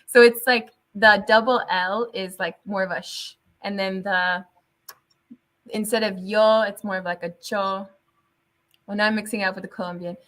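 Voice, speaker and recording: Speaking at a normal speed with a medium-pitched, bright and crisp voice, a young adult teacher appears as a guest in a relaxed interview. Her storytelling is lively, punctuated by frequent laughter and occasional Spanish.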